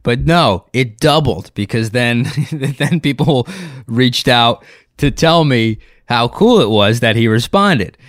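A man's voice: medium pitch, expressive, slow, no echo, studio quality. A man, a comedian and impressionist, telling a rambling, profane, self-deprecating story in a casual way.

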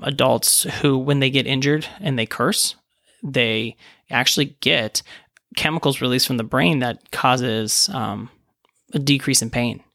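A man's voice: medium pitch, vocal fry, fairly bright tone, no room sound, studio quality. A man in his thirties, a pediatrician, talking casually about parenting, often tagging his points with "right?" and acting out inner voices. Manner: conversational, frequent "right?" tags, acts out inner voices. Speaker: pediatrician and parenting podcast host. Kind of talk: casual solo talk.

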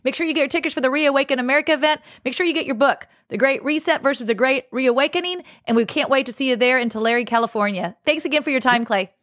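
Host: woman, rapid and upbeat in manner, with a dry, close-miked sound. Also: sits high, a bit bright, dry recording. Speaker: show host. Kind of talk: talk show host wrap-up.

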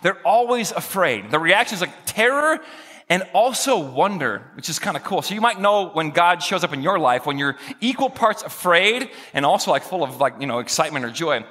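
Male pastor, high and bright, jokes with the congregation, long church reverb. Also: sing-song, moderate pace. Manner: jokey, chatty, banters with the congregation. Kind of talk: sermon. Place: church sanctuary with pews.

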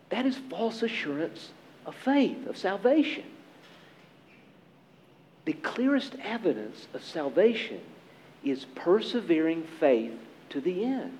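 A man preaching a sermon as pastor, earnest and emphatic, with dramatic pauses. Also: high-pitched, darkish tone, dull audio, a little hiss or hum.

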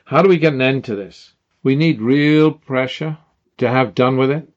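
A man's voice: medium pitch, moderate pace. An older British man delivering an indignant opinion monologue, firing off rhetorical questions with emphasis. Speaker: commentator. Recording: dull lo-fi sound.

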